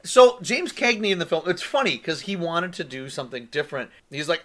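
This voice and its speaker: Bright-voiced man agreeing eagerly. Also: fairly high pitch, animated. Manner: agreeable, quick yeahs, enthusiastic. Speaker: podcast co-host. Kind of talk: casual film review chat.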